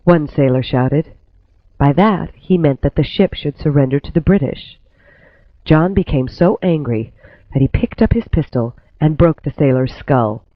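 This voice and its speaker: Male narrator, slightly high voice, steady storybook reading, tinny phone-like sound. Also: a little slow, dry recording. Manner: steady, clear storytelling delivery. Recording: tinny phone-like dry recording.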